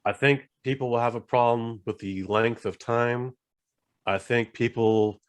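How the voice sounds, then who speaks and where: A man's voice: medium pitch, fairly even intonation, measured pace, clean tone. A man co-hosting a podcast, reviewing a movie in loose, profane casual chat and acting out scenes in voices. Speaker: podcast co-host.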